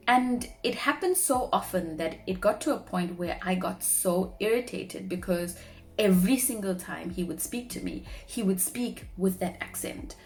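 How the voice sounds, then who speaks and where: A woman's voice: medium pitch, moderate pace, a little mellow. A young woman speaking earnestly to camera in a personal vlog, sharing heartfelt reflections. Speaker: vlogger; marketing professional.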